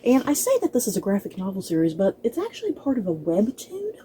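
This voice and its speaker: A chatty woman vlogger talks straight to the camera while out of breath, often stumbling over her words and laughing. Her voice is very dark and mellow. A faint hiss of noise sits under it. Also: mid-range voice, big pitch swings, fast talker, rough recording. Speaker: book vlogger. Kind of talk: casual chat to camera.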